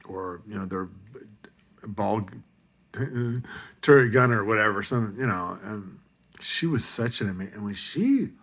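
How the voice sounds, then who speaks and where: A man's voice: on the low side, lively intonation, unhurried, a bit bright. A man giving a rambling, profane pep talk in a casual monologue. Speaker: motivational speaker.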